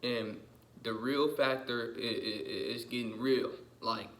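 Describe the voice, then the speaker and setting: A young man vlogging just after waking, his voice rough with morning, rambling in slang with restarts and repeated "you feel me?" asides. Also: medium pitch, fairly even intonation, a little slow, fairly bright tone. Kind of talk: casual rambling monologue. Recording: echoey room.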